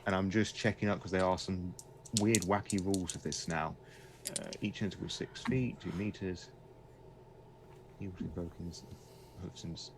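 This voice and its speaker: A man's voice: sits low, steady tone, moderate pace, pauses often, noisy background. A man running a tabletop horror game as game master, describing scenes in a loose, rambling way and asking players for rolls.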